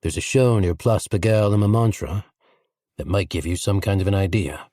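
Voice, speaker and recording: A man voicing a cocky, crude, smooth-talking crime boss with a low seductive drawl, in audiobook dialogue. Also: normal speed, warm tone, no echo, studio quality. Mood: teasing. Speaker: audiobook voice actor.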